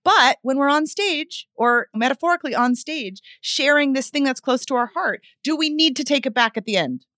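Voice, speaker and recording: A woman vocal coach giving expressive feedback on voices in a podcast conversation. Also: sits high, normal speed, hardly any pauses, no room sound, clean studio sound. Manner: expressive, demonstrates vocal points.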